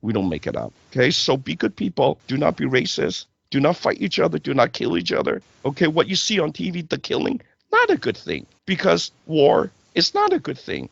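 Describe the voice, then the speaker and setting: A man's voice: on the high side, huge pitch swings, a little fast, creaky, hardly any pauses, husky, no echo, lo-fi sound. A man hosting a casual spiritual talk show, preaching and checking in with "right?" and "okay?".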